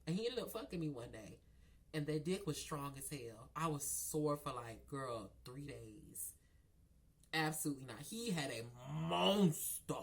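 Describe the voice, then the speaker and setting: A man's voice: fairly high pitch, a little slow, creaky. A man spilling a story to his viewers in a casual vlog, sassy and gossipy. He keeps calling the audience girl and y'all. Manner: animated with laughs and sudden loud outbursts. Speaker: storyteller vlogger.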